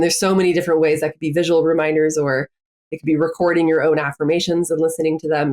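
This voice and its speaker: A woman's voice: low voice, a little mellow. A woman who works as a coach, chatting casually as a podcast guest, with frequent filler words and easy laughter. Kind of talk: casual conversational interview.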